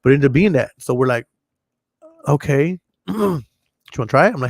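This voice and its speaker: A man's voice: mid-range voice, expressive, normal speed, slightly rough, no echo. A man hosting a podcast, telling a long story in a rambling, profane way and repeating himself. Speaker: podcast host. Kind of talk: casual storytelling monologue.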